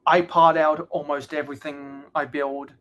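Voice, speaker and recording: A man's voice: on the high side, level tone, normal speed, bright, forceful tone, slight background noise. A young man hosting a livestream, answering chat questions in a casual, chatty way. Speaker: livestream host.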